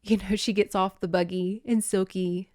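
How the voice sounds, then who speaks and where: A woman hosts a casual book recap with a chatty, animated delivery and frequent swearing. Her voice is smooth and clear. The recording is dry and close-miked. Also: medium pitch, moderate pace, dry recording. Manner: chatty, swears, laughs often, animated retelling. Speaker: host reviewing books.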